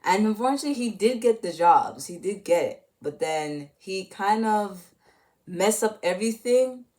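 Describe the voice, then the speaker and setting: A woman's voice: medium pitch, lively intonation, moderate pace, a little mellow. A woman retelling a movie in a casual, rambling way, full of fillers and restarts. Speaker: channel host.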